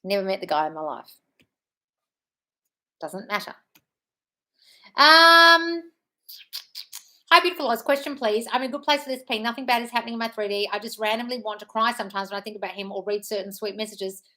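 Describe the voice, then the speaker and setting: Fast-talking breezy woman. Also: medium pitch, bright, forceful tone. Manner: frank and breezy, calls listeners "darling". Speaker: manifestation coach hosting a live Q&A. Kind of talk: casual live-stream chat, reading viewer questions.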